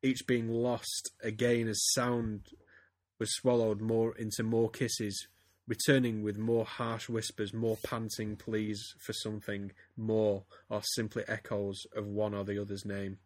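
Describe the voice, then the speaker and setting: A man's voice: fairly low pitch, monotone, measured pace, no room sound. A man, a podcast host giving a theatrical comic reading of a story. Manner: reads theatrically, breaks into laughter. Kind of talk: comedic dramatic reading.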